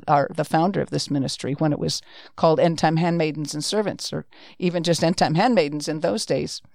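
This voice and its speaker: A woman who hosts and leads a Christian ministry, speaking slowly and reflectively about her faith journey. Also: fairly low pitch, gravelly, darkish tone, no echo, clean studio sound. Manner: slow, reflective, testimonial. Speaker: ministry president and host. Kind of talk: faith talk show.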